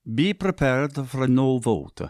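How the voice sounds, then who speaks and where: A man's voice: fairly high pitch, big pitch swings, unhurried, a little mellow, dry recording, pitched above the performer's own voice. Man playing a sober caring father, plain advice, storybook reading, dry sound. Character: warm, serious father and minister.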